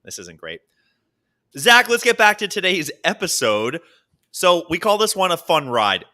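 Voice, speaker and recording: Young guy podcast cohost, bright tense voice, tells stories all lively. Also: high voice. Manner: animated storytelling, quick laughs. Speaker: podcast co-host. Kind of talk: casual comedy podcast chat.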